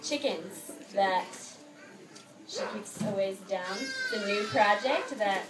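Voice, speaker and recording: A young American exchange student gives a heartfelt thank-you speech to her host family, laughing often as she tells stories. Her mid-range voice swoops wildly in pitch and she speaks slowly. The mic is held at a distance, picking up noisy outdoor ambience.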